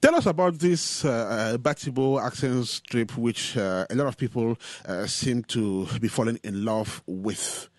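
A man's voice: mid-range voice, measured pace, few pauses, no echo, clean studio sound. A man hosting a radio interview, asking questions with frequent hesitations and fillers. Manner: hesitant, many "uh" fillers between phrases. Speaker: radio show host, interviewer.

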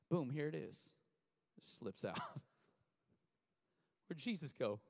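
A man preaching to a youth service, energetic and conversational, acting out the people in the story. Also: medium pitch, takes it slowly, vocal fry, long pauses. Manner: energetic, conversational, acts out quotes. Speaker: youth pastor. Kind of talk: sermon. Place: church hall, streamed. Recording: long hall reverb.

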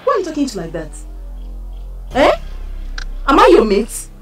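A woman's voice: wildly swooping pitch, normal speed, over music. An actress with a Nigerian accent playing an angry wife who warns a rival off her husband. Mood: indignant. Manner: shrill, indignant. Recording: echoey, from far off the mic.

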